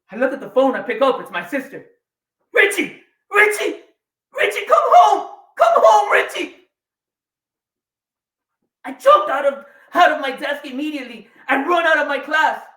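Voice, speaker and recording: Guy in his 40s doing a big keynote story, dramatic pauses, roomy hall sound, mic kinda far. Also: high voice. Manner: dramatic pauses, swings between quiet and loud. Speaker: keynote speaker. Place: large event room or hall. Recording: echoey hall, voice a bit distant.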